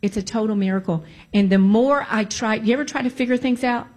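A woman's voice: a little high, a little fast, a little mellow. A woman giving a testimony to a congregation, emphatic and repeating phrases for stress. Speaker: church speaker giving testimony.

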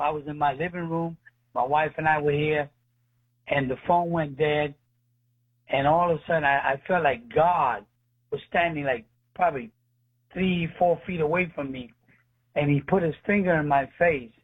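A man's voice: on the high side, slightly rough. A man telling his faith testimony as a guest, speaking earnestly and acting out the dialogue. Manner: earnest, retells dialogue with voices. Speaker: ministry leader, guest. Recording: tinny phone line.

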